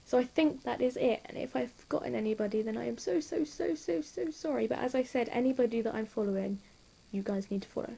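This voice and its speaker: English woman, vlogger, casual chat, gushing and rambling, gravelly fry, mellow tone. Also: on the high side, fast talker, hardly any pauses. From England. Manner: gushing, rambling, repeats words for emphasis.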